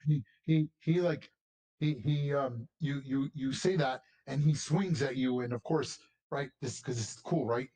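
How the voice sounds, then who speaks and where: A man's voice: mid-range voice, measured pace, dark tone. A man narrating a tabletop game as game master, rambling with frequent restarts and repeated words.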